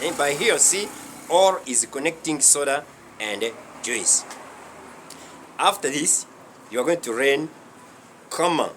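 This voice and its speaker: A man from Rwanda teaching a beginner English lesson, speaking deliberately, repeating key words and checking in with "huh?" as he goes. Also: fairly high pitch, bright, forceful tone, slight background noise.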